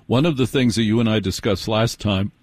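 A man hosting an interview in casual chat, speaking in an earnest, measured way. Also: on the low side, no room sound. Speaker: podcast host.

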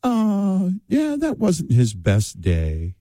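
A man reading a radio promotion in a steady, upbeat announcer style. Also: high-pitched, very slow, no room sound, clean studio sound. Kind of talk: read radio ad.

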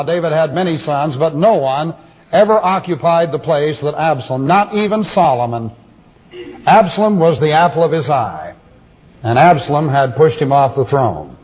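A male preacher giving a sermon in a measured, emphatic way, repeating refrains for weight, on a dull lo-fi recording. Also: fairly high pitch, a little mellow, breathy edge.

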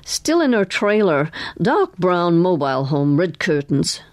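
A woman's voice: lowish voice, sing-song, unhurried. A woman reading aloud, voicing a worldly, friendly male carnival boss in a breezy manner.

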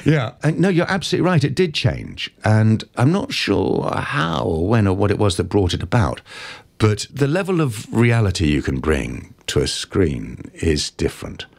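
A man recounts his acting career with real animation. His voice sits on the low side and rises and falls a great deal as he tells a story. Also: sing-song, moderate pace, vocal fry. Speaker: actor being interviewed. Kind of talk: conversational interview, storytelling.

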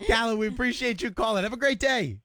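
A man's voice: extremely high pitch, quick pace, pushed and bright, dry recording, studio quality. A man co-hosting a call-in radio show, chatting casually and laughing along with callers.

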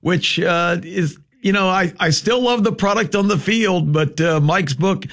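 Radio host guy, kinda higher voice, chatty about sports. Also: a bit bright. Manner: chatty, with quick interjections.

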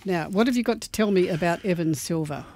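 A woman's voice: on the low side, fast, darkish tone. A woman hosting a community radio show, chatting and bantering with her co-host between tracks. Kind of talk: casual radio chat. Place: radio studio.

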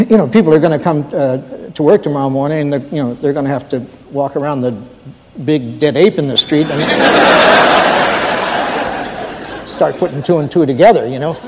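Man doing a jittery rookie guard on the phone, halting and deferential, higher voice, long hall reverb. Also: background noise, natural voice. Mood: flustered. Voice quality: stammering, hesitant, overly polite. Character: nervous new male night guard phoning his boss. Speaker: comedian.

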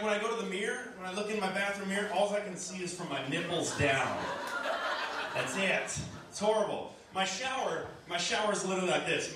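A man doing stand-up in a comedy club, telling rambling, self-mocking stories. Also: sits high. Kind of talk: stand-up set. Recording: very echoey room, distant mic, noise.

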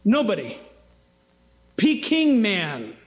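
A man's voice: sits high, huge pitch swings, takes it slowly, rough recording. A man preaching a sermon as pastor, emphatic and mocking, with rhetorical questions.

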